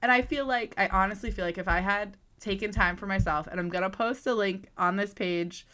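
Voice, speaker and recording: Chatty, bright-voiced woman podcast co-host. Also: medium pitch, brisk. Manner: chatty, rambling, laughs often. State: ill and on medication. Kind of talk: casual chat.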